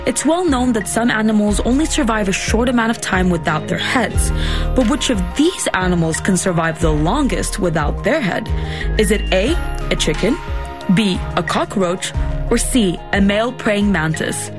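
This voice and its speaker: A woman's voice: medium pitch, expressive, normal speed. A woman presenting a scripted radio quiz segment in a playful, read-out manner. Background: music.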